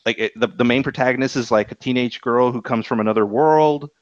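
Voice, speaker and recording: A man's voice: mid-range voice, brisk, no echo. Podcast guy, kinda hesitant, keeps restarting, dull lo-fi mic. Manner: hesitant, many restarts and fillers. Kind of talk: casual podcast chat. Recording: dull lo-fi dry sound.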